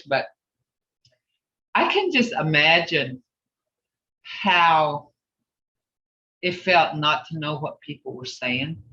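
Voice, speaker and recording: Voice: medium pitch, pushed and bright, distant mic. An older language teacher leading an online class, repeating and drilling words between chatty asides, heard over a video call. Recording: roomy, dull video-call audio.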